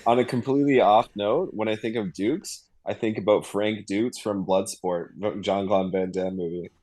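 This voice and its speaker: A man with a very deep voice co-hosts a laid-back post-game stream. He talks in easygoing slang and often restarts his sentences. The sound is dry, with no room echo. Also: fairly even intonation, moderate pace, a little mellow. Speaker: co-host.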